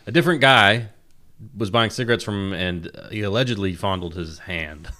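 Low-voiced joking podcast guy. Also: brisk, sharp tone. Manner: joking, rambling storyteller. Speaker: podcast co-host. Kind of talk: casual chat.

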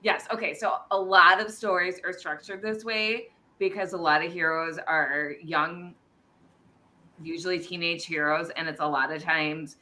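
A woman with a lowish voice and a crisp, bright edge co-hosts a podcast chat. She lays out her ideas analytically and eagerly. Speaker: podcast co-host.

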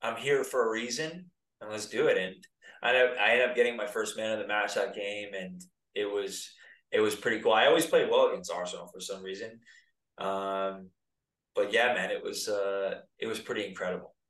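A man's voice: on the low side, moderate pace, fairly bright tone. American guy in his 30s rambling casually, lots of like and dude, sounds a bit far off in an echoey room. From United States. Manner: laid-back, rambling, full of "like" and "dude". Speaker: guest, former pro soccer player. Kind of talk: casual interview chat. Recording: roomy, distant mic.

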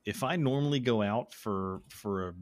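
A man's voice: fairly low pitch, unhurried. A man hosting a casual podcast, joking and rambling with friends, a bit tipsy from drinking. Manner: joking, rambling, swears freely. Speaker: podcast host. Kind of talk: casual chat.

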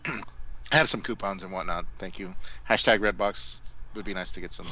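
A man's voice: deep voice, fairly quick, bright, forceful tone, low-quality recording. A man co-hosting a casual movie podcast, meandering with jokey asides. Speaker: podcast co-host.

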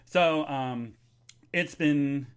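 A man hosting a live podcast, rambling with lots of fillers and restarts, excitable and bursting into joyful shouts. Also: a little high, extremely slow, clear, resonant tone. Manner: excitable, shouts and squeals with joy. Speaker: podcast host.

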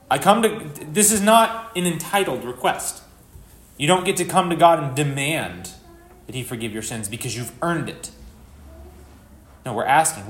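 A man preaching a live sermon as pastor, earnest and conversational, with sudden rises in pitch and volume for emphasis. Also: expressive, normal speed, long pauses. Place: church sanctuary. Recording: echoey church hall.

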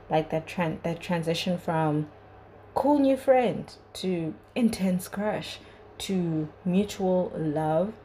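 A woman's voice: fairly low pitch, warm tone, a little hiss or hum, rough recording. A young woman hosting a podcast, giving an earnest, chatty solo review full of "like" and "you know". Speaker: podcast host.

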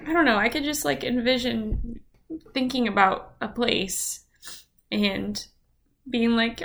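A woman's voice: fairly high pitch, fairly even intonation, slow, gravelly, fairly bright tone. A young woman co-hosting a podcast, talking in an open, heartfelt way with many fillers. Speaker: podcast co-host. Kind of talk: casual chat.

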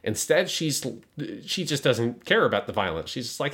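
A man casually breaking down an anime episode, animated and analytical, with many fillers. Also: medium pitch, normal speed. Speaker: podcast co-host.

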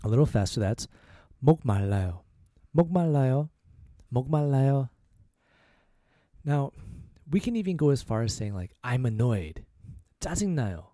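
A man hosting a casual spoken language lesson, saying each phrase slowly and repeating it several times. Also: medium pitch, very animated, warm tone, dry recording, studio quality. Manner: slow, repeated demonstration of phrases. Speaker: language teacher, podcast host.

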